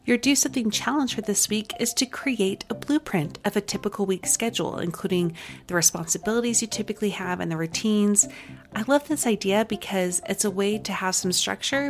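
A woman with a Utah accent hosting a podcast, briskly summarizing points in a numbered list. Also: medium pitch, gravelly. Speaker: podcast host. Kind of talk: solo podcast recap.

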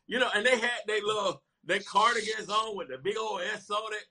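A man in his fifties, a guest telling stories in lively casual chat. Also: high voice, a little fast, hardly any pauses, noisy background. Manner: animated, lively storytelling with laughter.

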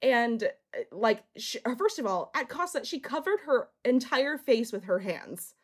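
Young female co-host, lively pitch, fairly high voice, casual recap chatter. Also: slightly rough. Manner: animated, fast bursts, laughs often. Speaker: podcast co-host. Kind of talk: casual chat recapping a reality show.

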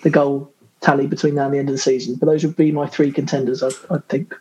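Man, podcast panellist, measured, hesitant, higher voice. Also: level tone, darkish tone, slight background noise, rough recording. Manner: measured, thoughtful, hesitant with many ums. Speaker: podcast co-host. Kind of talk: casual chat.

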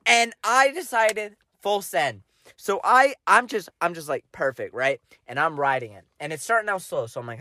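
A man's voice: a little high, very animated, moderate pace, bright, forceful tone. A young man co-hosting a podcast, telling a self-mocking story in casual chat and acting out his own lines. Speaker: podcast co-host.

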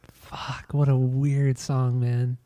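A man's voice: mid-range voice, little pitch movement, takes it slowly, mellow, no echo. A man co-hosting a casual music podcast, talking loosely, swearing and trailing off mid-thought. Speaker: podcast co-host. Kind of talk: casual chat about music.

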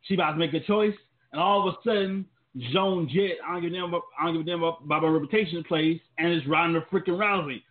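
Male co-host for casual chat, slangy storyteller, a bit high, phone-thin audio. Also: fairly even intonation, fast talker, few pauses. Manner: loose, rambling storytelling, slangy. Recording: tinny phone-like sound.

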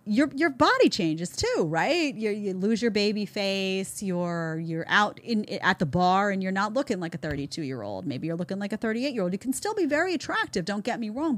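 A woman hosting a show, giving opinionated commentary in an emphatic way, with many repeated words and rhetorical questions. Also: medium pitch. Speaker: show host reacting to clips.

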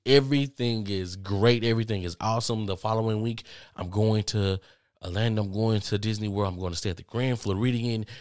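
A man vlogging, telling a story casually to his viewers with lots of cursing and animated asides. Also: on the low side, brisk, no echo, clean studio sound. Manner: profane, animated, talks straight to viewers.

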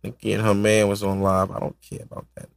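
A man's voice: lowish voice, monotone, fairly quick, vocal fry, clear, resonant tone, no echo. A man hosting a solo podcast in loose, profane, rambling casual chat, laughing often. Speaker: podcast host.

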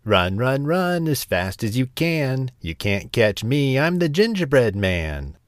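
A man voicing a tiny, boastful gingerbread man in a high, sing-song, taunting voice. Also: wildly swooping pitch, a little slow, no echo, studio quality, exaggerated voice.

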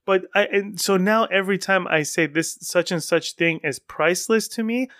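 A man with a fairly high, smooth voice chatting on his solo podcast. He rambles with animated enthusiasm, recorded close and dry. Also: moderate pace, dry recording. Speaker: podcast host. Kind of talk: casual solo podcast talk.

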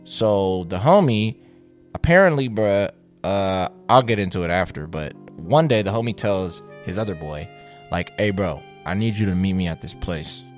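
A young man co-hosting a casual podcast, telling a story in slangy, animated talk and acting out quotes. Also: deep voice, moderate pace, faint music behind. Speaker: podcast co-host.

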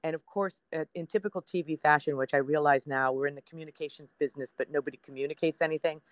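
A woman's voice: low voice, fairly even intonation, fast, no echo. A woman in her sixties, a TV meteorologist guest, telling a personal story in a podcast interview and acting out what people said. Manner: chatty storyteller, acts out quoted dialogue.

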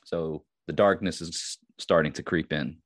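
A man's voice: a bass voice, fairly even intonation, moderate pace, no room sound, clean studio sound. A man from Long Island with a Long Island accent, hosting a casual solo podcast and rambling with many restarts and fillers. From Long Island, New York. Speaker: podcast host.

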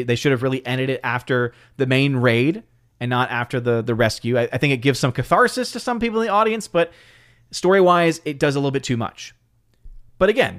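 A man's voice: medium pitch, no echo, studio quality. A man hosting a live stream, chatting casually about movies, reading viewer comments aloud and laughing often. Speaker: livestream host.

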